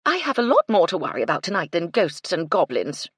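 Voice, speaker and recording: A woman's voice: lowish voice, huge pitch swings, a little fast, breathy edge, dry recording, clean studio sound, exaggerated voice. A woman voicing a fussy, irritable woman who speaks sharply and testily. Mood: irritated. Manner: sharp, testy, exasperated.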